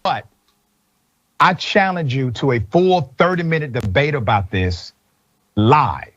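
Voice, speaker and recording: A man's voice: mid-range voice, animated, measured pace, a bit bright. A man hosting a heated debate in an insistent way, often cutting in. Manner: insistent, interrupting. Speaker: debate show host. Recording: dull lo-fi clip.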